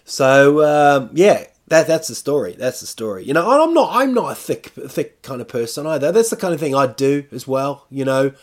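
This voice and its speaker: A man's voice: medium pitch, big pitch swings, normal speed, hardly any pauses. A man rambling in casual, self-mocking chat as a podcast host, talking from home while recovering from illness.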